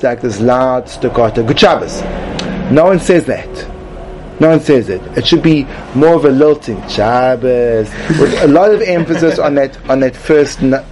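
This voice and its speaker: A man's voice: medium pitch, a little mellow, a little hiss or hum. Rambling man giving a mock lesson. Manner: rambling, repeats and restarts, frequent "like". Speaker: comedic class presenter. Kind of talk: mock-instructional comedy talk.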